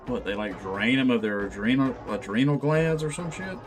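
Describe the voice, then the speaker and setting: A man's voice: medium pitch, moderate pace, faint music behind. A man casually chatting while he assembles miniatures. He is laid-back and profane and laughs often. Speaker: channel host.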